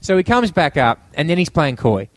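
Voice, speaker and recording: A man's voice: a little high, very animated, brisk. An Australian man co-hosting a podcast, telling anecdotes in casual chat, laughing often and acting out his friends' lines. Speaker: podcast co-host.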